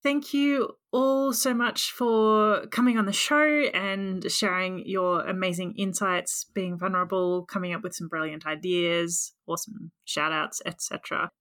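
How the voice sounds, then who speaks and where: A woman's voice: fairly low pitch, flat delivery, measured pace, hardly any pauses, fairly bright tone. Upbeat woman hosting a podcast. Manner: upbeat, effusive. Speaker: podcast host. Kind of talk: casual chat.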